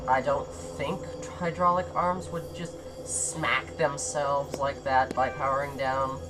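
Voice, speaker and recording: A young man with a high, nasal, nerdy voice giving rambly, jokey let's-play commentary on a game. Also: flat delivery, takes it slowly, music in the background. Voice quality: high nasal nerdy voice, compared to a cartoon sponge. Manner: rambly, jokey, self-deprecating. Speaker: gaming commentator.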